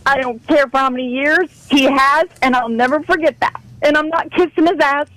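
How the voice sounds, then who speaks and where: High-voiced woman scolding on a call-in. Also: brisk, fairly bright tone, no room sound, low-quality recording. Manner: passionate, pleading, scolding. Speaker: radio caller. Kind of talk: heated radio call-in.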